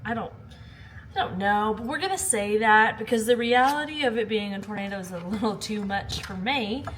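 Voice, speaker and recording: A woman's voice: mid-range voice, normal speed, a bit bright, slight background noise. A woman vlogging casually at home, chatty and joking, laughing often and swearing casually, recorded on a handheld phone. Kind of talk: casual vlog chat. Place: at home during a storm.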